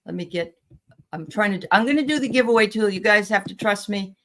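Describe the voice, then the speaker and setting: A woman's voice: mid-range voice, expressive, fairly quick, a bit bright, slight background noise. A woman hosting a live stream over a video call, flustered and apologetic, laughing easily. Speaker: channel host.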